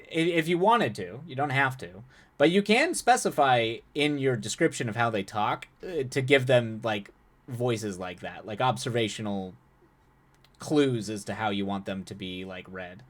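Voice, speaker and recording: A young man reads a viewer's story aloud on a live stream. He narrates, then drops into loose, chatty commentary full of restarts. His voice sits at an average pitch for a man. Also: very animated, unhurried, a bit bright. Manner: chatty, frequent restarts and laughs between passages.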